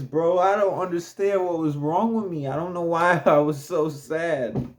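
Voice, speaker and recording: A man's voice: fairly high pitch, measured pace. A young man casually telling a personal story to his viewers, laid-back and chatty, laughing often and calling the audience y'all.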